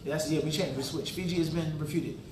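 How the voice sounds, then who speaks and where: The recording is very noisy: a man with a steady, somewhat high voice speaks fast as an Islamic teacher in a mosque hall. He keeps the audience filling in blanks and adds casual street-talk asides, with the mic placed far away in a roomy hall.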